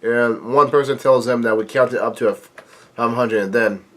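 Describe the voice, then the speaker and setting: A man with a stuffy nose, casually reading manga panels aloud in a halting way, adding blunt remarks as he goes. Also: mid-range voice, steady tone. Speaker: manga reaction video host. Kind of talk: casual read-along commentary.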